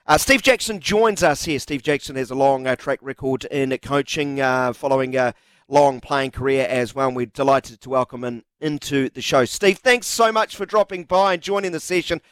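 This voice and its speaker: A man's voice: mid-range voice, moderate pace, a bit bright, clean tone, dry recording. A man with a New Zealand accent hosting a sports radio show, chatty and upbeat, reading sponsor lines. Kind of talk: casual radio chat.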